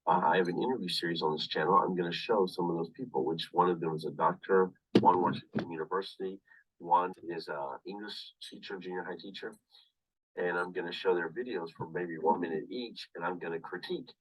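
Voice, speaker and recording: A man teaching a university English class over a video call, explaining slowly and repeating "of course" often. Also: low-pitched, slightly rough, distant mic, poor audio. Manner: repetitive, explains slowly with many "of course" asides. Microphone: computer webcam mic on video call.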